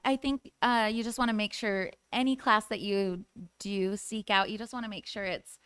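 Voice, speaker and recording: A woman's voice: medium pitch, fairly even intonation, normal speed, fairly bright tone, clear, resonant tone, dry recording. A woman voice actor chatting casually on a convention panel, talking in a scattered way and laughing often.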